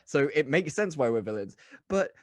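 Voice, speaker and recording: A man's voice: medium pitch, very animated, moderate pace, no echo, clean studio sound. A man co-hosting a podcast in casual chat, joking and rambling with frequent laughs. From South Africa. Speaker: podcast co-host.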